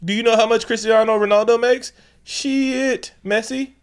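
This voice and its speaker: A man co-hosting a casual movie recap, talking in animated, profane bursts and acting out lines from the film. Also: very high-pitched, moderate pace, clear, resonant tone. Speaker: podcast co-host.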